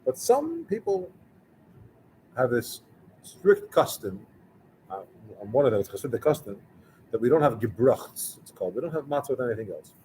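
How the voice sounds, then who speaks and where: A man's voice: medium pitch, very animated, normal speed, pauses often, dark tone, slight background noise, rough recording. Man telling a story as a rabbi. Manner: conversational, acts out the dialogue of the people in his story. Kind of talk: storytelling sermon.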